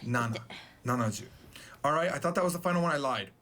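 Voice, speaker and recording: Male language teacher, casual and playful, lively swings in pitch. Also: fast. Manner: playful, joking, chatty. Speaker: Japanese teacher. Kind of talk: casual video lesson.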